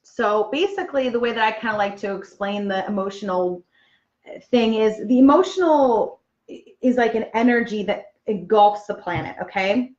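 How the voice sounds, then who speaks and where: A woman practitioner explaining a concept in casual chat, checking in often with "okay?" and pausing on fillers. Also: mid-range voice, darkish tone. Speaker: Human Design practitioner. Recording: roomy, dull lo-fi sound.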